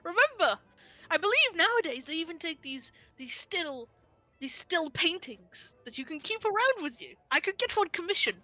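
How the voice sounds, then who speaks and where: A woman's voice: very high voice, sing-song, moderate pace, sharp tone, voice pushed up, full character voice. A woman voicing a vain, pompous young nobleman adventurer, smug and preening. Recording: slightly dull, lo-fi sound.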